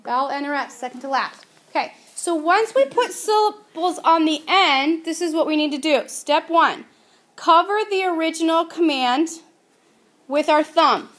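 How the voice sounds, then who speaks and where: Female teacher with a high voice, casual and patient in a classroom lesson. She stretches her example words out. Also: a bit bright. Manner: chatty, patient explaining, drawing out example words slowly. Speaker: Spanish teacher. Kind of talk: recorded classroom grammar lesson.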